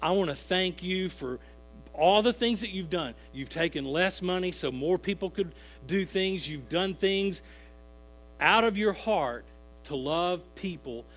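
A man's voice: fairly high pitch, fairly bright tone. A man giving an earnest, emotional spoken tribute to a friend and mentor during a church service. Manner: earnest, emotional, slow-building.

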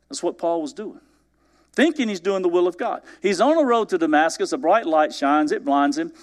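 A man preaching a sermon, retelling scripture with acted-out dialogue and questions to the congregation. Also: on the high side. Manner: animated storytelling, acting out biblical dialogue.

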